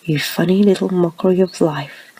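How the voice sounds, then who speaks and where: A woman's voice: lowish voice, fairly even intonation, moderate pace, warm tone, slightly rough, no room sound. A woman voicing an arrogant, ruthless woman enforcer from the future in a whispered role-play, speaking with scorn and threats. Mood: scornful.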